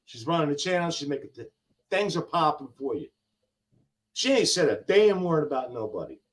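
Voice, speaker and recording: A man's voice: on the high side, sing-song, moderate pace. An older man with grandkids, talking in a heated, emphatic way on a casual live stream, full of slang and repeated lines. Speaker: guest on a live gig-driver talk show.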